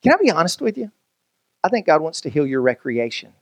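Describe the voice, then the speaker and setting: A man preaches with a high-pitched voice, joking with the congregation as if chatting with friends. He backs up and restarts his sentences often as he works toward a point. The sound is dry and close, with no room echo. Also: big pitch swings, a little fast. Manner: conversational, joking, many restarts. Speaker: pastor. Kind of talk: sermon.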